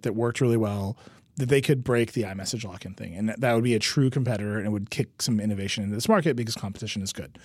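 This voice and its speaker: Man, podcast host, animated and joking, casual chat, mid-pitched voice, dry close sound with no room echo. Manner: animated, joking, building up mock-grand plans.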